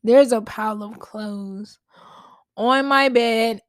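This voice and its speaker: A woman hosts a casual solo podcast from home, talking straight to her listeners in a chatty, slangy way. Her voice sits a little high and she takes her time with her words. The recording is dry and close, with almost no room sound. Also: takes it slowly, no room sound. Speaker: podcast host. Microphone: podcast mic at a laptop.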